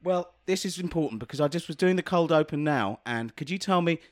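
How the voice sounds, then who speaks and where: A man co-hosting a comedy podcast, excitable and silly, swearing freely in improvised banter. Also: fairly high pitch, fairly quick. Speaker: podcast co-host.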